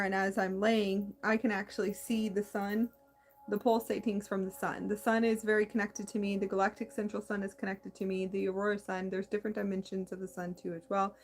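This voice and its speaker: A woman hosting a spiritual talk, speaking in a meandering, halting way with many restarts and a slight lisp. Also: medium pitch. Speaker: spiritual channel host. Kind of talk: casual spiritual monologue.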